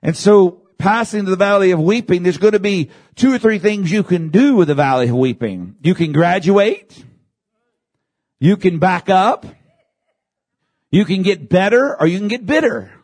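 A male pastor delivering a sermon, calling out to the congregation and rising to shouts at the peaks. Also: animated, moderate pace. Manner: preaching with big swings in pitch, shouting at peaks; addresses congregation with calls of amen.

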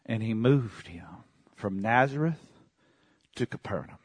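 A male pastor preaching a charismatic sermon, dropping to low murmurs and then shouting exclamations, and having the congregation repeat phrases after him. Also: lively intonation, a little slow, pauses often, husky.

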